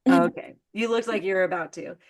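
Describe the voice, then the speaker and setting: A woman's voice: medium pitch, fast. Chatty woman podcast host, filler-heavy. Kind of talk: casual chat.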